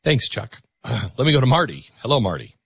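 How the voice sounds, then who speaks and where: A man's voice: medium pitch, very animated, a little fast, gravelly, a bit bright, husky, dry recording. A man hosting a call-in radio show, taking callers in an earnest, reflective way with frequent stammered restarts. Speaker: radio talk show host.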